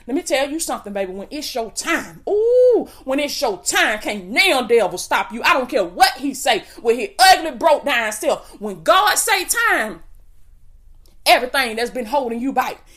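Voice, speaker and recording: A woman's voice: high voice, very animated, normal speed, few pauses, a bit bright. A woman preaching an impassioned video sermon in a folksy, rhythmic way, calling out "come on now" and "baby" and whooping between phrases.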